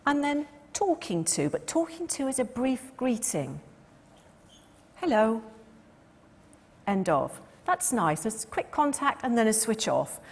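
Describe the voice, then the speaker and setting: A middle-aged woman giving a lecture in a lively, expressive way, now and then acting out the voices of a cat and its owner. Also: on the high side, a little slow, hardly any pauses, slightly rough. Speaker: cat behaviour speaker. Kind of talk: lecture talk. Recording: long reverb of a lecture hall.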